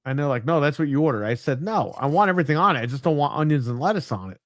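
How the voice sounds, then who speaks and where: A man on a casual gaming podcast, his voice sitting a little high and recorded dry and close. He rambles through everyday anecdotes, swearing as he goes. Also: expressive, rapid-fire, fairly bright tone, dry recording. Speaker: podcast co-host. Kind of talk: casual chat.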